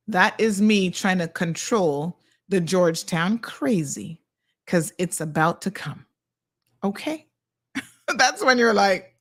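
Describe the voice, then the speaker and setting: A Caymanian woman with an ordinary mid-range voice hosts a casual talk show. She reads viewer comments aloud and spins sassy, lively stories, peppering them with affectionate asides. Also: medium pitch, moderate pace. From Cayman Islands. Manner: sassy, animated storytelling with "honey child" asides. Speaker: host.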